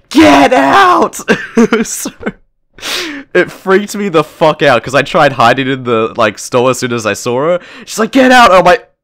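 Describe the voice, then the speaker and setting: A man's voice: medium pitch, fairly bright tone, no room sound, clean studio sound. A teenage boy hosting his channel, telling a story in a rambling, casual way, often tagging lines with "right?" and "okay?" and swearing freely. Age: teens. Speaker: channel host.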